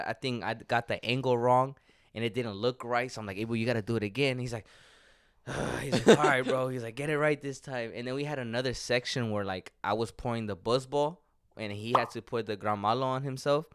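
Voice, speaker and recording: With a bright, clear, resonant medium-pitched voice, a young podcast co-host talks a little fast as he swaps stories, joking and laughing often. The studio sound is clean and echo-free, and the chat is casual.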